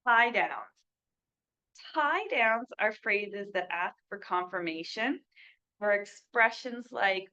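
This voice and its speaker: A woman's voice: mid-range voice, expressive, slow, bright, forceful tone. A woman leading a sales training class in a small room. She talks casually and acts out sample sales lines for her listeners. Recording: dull lo-fi recording.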